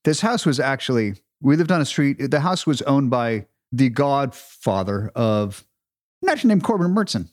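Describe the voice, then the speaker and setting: A man's voice: mid-range voice, big pitch swings, moderate pace. A man co-hosting a podcast, telling stories with a laugh and poking fun at himself in a casual chat. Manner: laughing, storytelling, self-deprecating. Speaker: podcast co-host.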